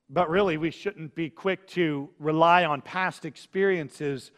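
A man preaching a sermon in a lively storytelling way, swinging from loud emphatic lines to hushed, quiet ones. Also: high voice, moderate pace, in a large hall.

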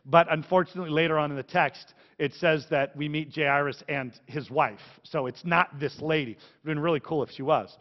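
A man pastor preaching a sermon in an animated, conversational, jokey way. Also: fairly high pitch, a little fast, few pauses. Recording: echoey hall, dull sound.

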